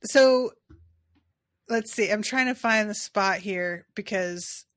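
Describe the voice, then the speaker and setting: A woman's voice: medium pitch, slow pace, a bit bright, no echo. A woman co-hosting a podcast, casually thinking aloud and reading passages from a book. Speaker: podcast co-host.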